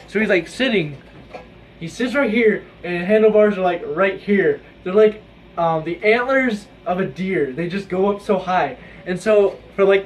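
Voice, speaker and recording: A man's voice: sits high, a little hiss or hum. A teenage boy vlogging to camera about his school day, rambling with lots of "like" and laughing through his stories. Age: teens. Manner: rambling, many "like"s, laughs while telling stories. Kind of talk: casual chat to camera. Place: indoors with his own video light.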